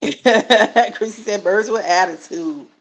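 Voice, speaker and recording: A woman's voice: medium pitch, slow pace, low-quality recording. A middle-aged woman hosting a casual live stream, chatting with viewers she calls family and reading their comments aloud before answering them. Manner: addresses viewers as family, frequent fillers. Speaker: live-stream host and card reader.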